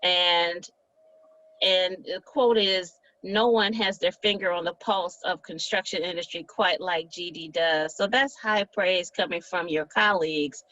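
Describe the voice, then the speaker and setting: A woman with a low-pitched voice hosts an interview and gives warm, affirming replies. The recording sounds dull and dry, with no room echo. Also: steady tone, unhurried. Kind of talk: interview hosting.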